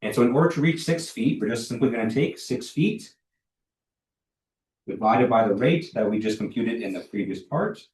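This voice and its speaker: A man's voice: medium pitch, expressive, normal speed, darkish tone, recorded from a distance. Young male lecturer, casual, in an echoey hall. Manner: casual, many fillers and restarts, checks for questions. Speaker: university lecturer. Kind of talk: classroom lecture.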